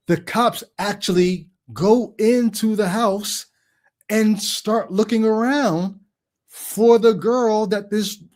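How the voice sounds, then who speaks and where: A man hosting a call-in livestream, talking straight to the chat and telling stories with acted-out quotes. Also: high voice. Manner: animated storytelling, acts out quoted voices; talks to the chat directly. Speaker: call-in show host. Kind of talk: livestream monologue.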